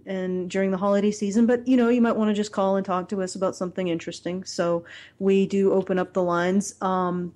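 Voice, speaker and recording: A woman hosting a casual podcast chat, talking in a rambling, halting way with many fillers and restarts. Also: medium pitch, darkish tone. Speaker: podcast host.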